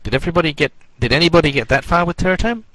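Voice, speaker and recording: A man teaching an online networking class in a relaxed, rambling way with many fillers. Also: on the high side, very fast, dry recording, low-quality recording. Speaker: networking course instructor.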